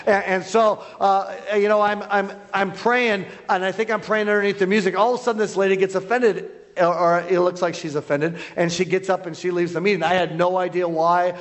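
A man who is a guest preacher, telling a story in a sermon, loud, with many repeated restarts. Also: sits high, fairly even intonation, fairly quick. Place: church hall. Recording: long hall reverb.

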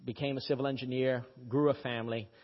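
A husky-voiced man from Brazil with a faint British-tinged accent delivers a church sermon, spinning stories and jumping up in pitch to stress a point. His voice rings with a long hall reverb on a dull, lo-fi recording. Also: fast. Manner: storytelling, animated with pitch jumps for emphasis. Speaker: pastor.

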